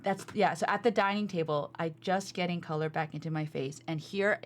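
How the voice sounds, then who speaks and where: A woman co-hosting a casual podcast, chatting in an animated way with lots of fillers. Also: fairly low pitch, brisk, slight background noise. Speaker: podcast co-host. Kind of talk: casual chat.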